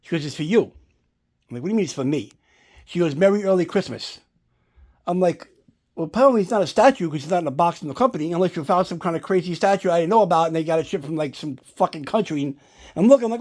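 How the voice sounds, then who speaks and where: A man's voice: on the high side, lively intonation, fast, a little mellow. Rambling, foul-mouthed man telling a story. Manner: rambling storyteller, swears a lot, "blah, blah, blah". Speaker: collector showing a movie prop. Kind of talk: casual unboxing vlog. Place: indoors at home.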